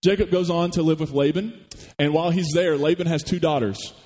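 A man preaching a sermon, retelling a story with animated rhetorical questions to the congregation. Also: a little high, fairly quick, in a large hall. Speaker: pastor. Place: church.

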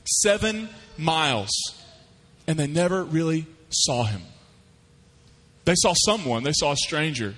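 A man's voice: fairly high pitch, normal speed, pauses often, long reverb tail. A man preaching a sermon, telling stories in a folksy way and voicing the people in them. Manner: folksy storytelling with lively voiced asides. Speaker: pastor.

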